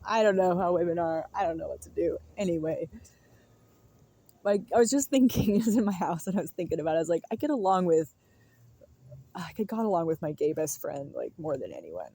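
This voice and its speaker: A woman's voice: lowish voice, lively intonation, a little fast, warm tone, breathy edge. A young woman rambling through a casual monologue, musing aloud, laughing often and trailing off mid-thought. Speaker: vlogger.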